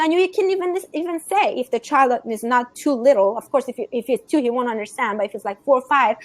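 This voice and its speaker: High-voiced earnest woman giving parenting advice. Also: fast talker, few pauses. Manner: earnest, emphatic, restarts often, many repeated phrases. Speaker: conscious parenting guest expert. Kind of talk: explaining parenting advice in a conversation.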